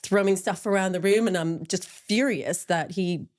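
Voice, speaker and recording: A woman's voice: fairly low pitch, normal speed. A middle-aged woman speaking openly in an interview, with frequent ums and laughing at herself as she talks. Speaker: interview guest, menopause support group founder. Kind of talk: candid conversational interview.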